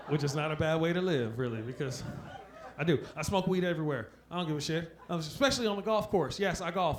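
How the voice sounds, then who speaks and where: A man with a fairly high voice works a comedy club stage in a loose, laughing, punchy stand-up set, forever checking in with the crowd. The live recording is noisy, with a steady club hubbub behind him.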